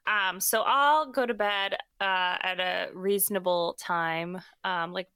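Chatty young woman podcaster, pregnant, bright voice, dry close sound. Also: lowish voice, fairly even intonation, takes it slowly, clean tone, dry recording. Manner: chatty, rambling with many fillers. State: pregnant and tired. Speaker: podcast co-host. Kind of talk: casual chat.

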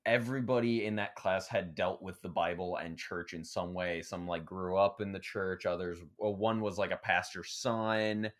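A man's voice: low voice, steady tone, moderate pace, few pauses. A man co-hosting a podcast, telling a rambling college anecdote in casual chat, swearing and laughing along. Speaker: podcast co-host.

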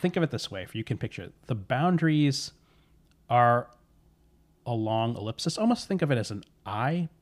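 A man's voice: medium pitch, sing-song, moderate pace. A man telling a spooky story in casual podcast chat, rambling with fillers and correcting himself.

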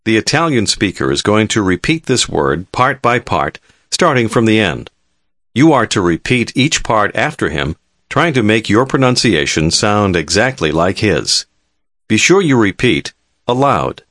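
A man narrating a language lesson in a calm, measured, clearly enunciated scripted delivery. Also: fairly low pitch, no echo, clean studio sound.

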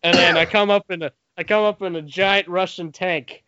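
A man's voice: sits high, steady tone, normal speed, pushed and bright, smooth, dry recording. A man co-hosting a casual podcast with goofy, playfully naive jokes. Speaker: co-host. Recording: dry, dull lo-fi sound.

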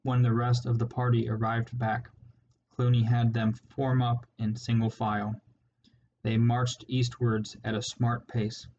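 Slow, flat-voiced male narrator. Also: medium pitch. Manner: measured, steady reading. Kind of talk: audiobook narration. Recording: slightly muffled with faint hiss.

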